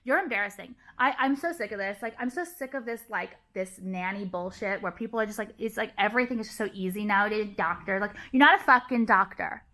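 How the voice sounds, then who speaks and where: A woman's voice: mid-range voice, fast, hardly any pauses, bright, forceful tone. A young woman vlogger ranting to camera, heated and profane, hammering her points with emphatic repetition. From Los Angeles area. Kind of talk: casual rant to camera.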